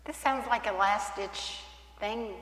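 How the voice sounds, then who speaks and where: A woman's voice: medium pitch, slow pace, a bit bright, reverberant, in a large hall. A woman playing a frustrated wife who is reluctant to pray, hesitant and comic.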